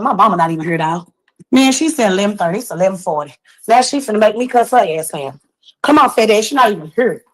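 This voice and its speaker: A woman's voice: a little high, no room sound, rough recording. A woman hosting a stream, talking bluntly and with a lot of profanity, insisting she is not lying. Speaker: stream host. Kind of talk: heated casual chat.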